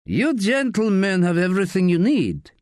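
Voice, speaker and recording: A man voicing a wiry, menacing bar owner with a clipped Eastern European accent and a deadpan manner, in an audiobook. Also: high voice, normal speed, dry recording, studio quality, voice pushed up. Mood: cool menace.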